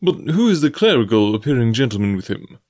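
A man's voice: mid-range voice, big pitch swings, fast, darkish tone, no room sound, studio quality, natural voice. A man voicing a timid, flustered older male scholar in an audiobook.

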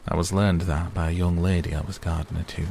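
Grumbling old gardener as a man reads him, grunting, gravelly, deep, slow, storybook reading. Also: flat delivery, warm tone, a little hiss or hum. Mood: reminiscing. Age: older. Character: grumbling old male gardener, cross but softhearted.

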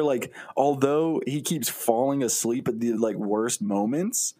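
A man's voice: medium pitch, a little slow, mellow. A young man co-hosting a podcast, chatting casually, laughing often and acting out characters. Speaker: podcast co-host. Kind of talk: casual brainstorming chat.

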